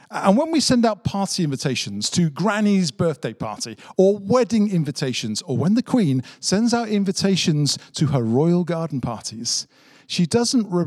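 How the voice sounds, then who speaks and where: A man preaches an Easter sermon in a dramatic storytelling manner, stacking repeated phrases for emphasis. His voice sits a little high for a man. The recording is dry and close, with no room echo. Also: a little mellow. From Britain. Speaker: pastor.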